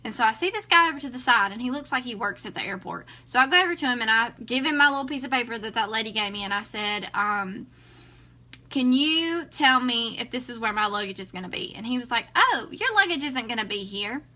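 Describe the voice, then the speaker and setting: Bright, chatty woman in her twenties. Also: on the high side, fairly quick. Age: 20s. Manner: chatty, animated, acts out dialogue. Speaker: vlogger. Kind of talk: casual storytelling to viewers.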